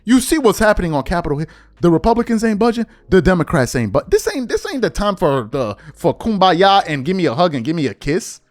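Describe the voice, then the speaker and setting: A man with a high, very lively voice delivers emphatic, slangy opinion commentary, sometimes mocking others. His voice is recorded close and dry, with faint music underneath. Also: fast talker, no room sound. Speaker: commentary host.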